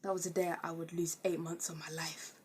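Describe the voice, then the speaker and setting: A woman's voice: lowish voice, little pitch movement, fairly quick, a little mellow, breathy edge. A young woman telling a casual, rambling storytime with lots of filler words. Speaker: vlogger.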